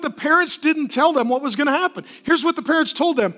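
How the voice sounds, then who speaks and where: A man preaching a sermon in a church with a very high, bright, forceful voice. He tells stories with energy, acts out other people's voices, and keeps asking the congregation to answer back. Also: quick pace, hardly any pauses. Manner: animated storytelling with acted kid voices, asks the congregation for responses. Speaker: pastor.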